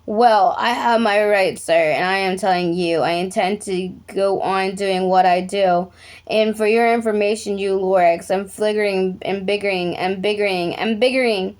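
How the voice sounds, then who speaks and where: A greedy factory owner snaps back in a lowered, defiant voice, as a woman reading aloud plays him. He sounds stubborn and heated, talking down to his listener. It is storybook reading for children. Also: steady tone, moderate pace, natural voice. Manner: defiant, yelling.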